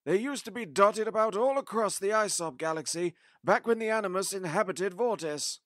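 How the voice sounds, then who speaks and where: A man's voice: high-pitched, moderate pace, a bit bright, dry recording, studio quality. A man playing the Doctor as a grave, weary time-traveller in a fan audio drama, speaking emphatically.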